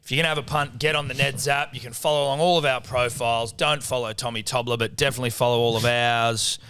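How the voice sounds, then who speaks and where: A man's voice: mid-range voice, fairly even intonation, fast, bright, forceful tone, clean tone. A man with an Australian accent hosting a casual betting podcast, teasing and often laughing as he tells stories. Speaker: podcast host. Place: studio.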